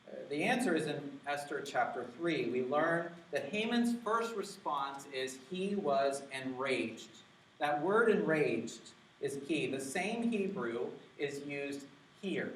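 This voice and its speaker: Emphatic pastor preaching in an echoey church. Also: male voice, on the high side, distant mic, slight background noise. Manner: emphatic, stresses key words slowly. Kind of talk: sermon. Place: church sanctuary.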